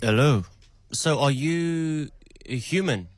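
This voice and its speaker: A man's voice: fairly high pitch, animated, slow pace, a crowd in the background. A man calling an AI agent, asking playful, teasing questions in a casual chat. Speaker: caller testing an AI agent.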